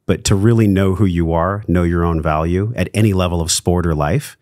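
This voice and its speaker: Very deep-voiced laid-back male host. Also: fairly even intonation, brisk, darkish tone, no echo, studio quality. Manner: laid-back, enthusiastic, says dude and man. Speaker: podcast host. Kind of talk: casual interview chat.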